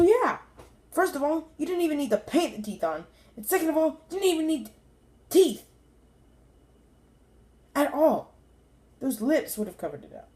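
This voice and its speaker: A woman casually reviewing a toy to camera in a playful, rambling way, joking with the viewers and even talking to the toy. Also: a little high.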